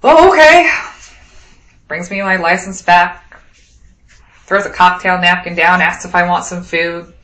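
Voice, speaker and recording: Lively low-voiced woman telling a story. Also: a little slow, reverberant, poor audio. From Wyoming. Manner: lively anecdotal, acts out quoted dialogue. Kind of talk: casual storytelling.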